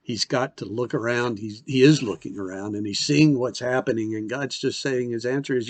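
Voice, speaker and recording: A man's voice: mid-range voice, steady tone, moderate pace, few pauses, no echo. A man preaching a sermon as a missionary, earnestly paraphrasing scripture with rising and falling emphasis.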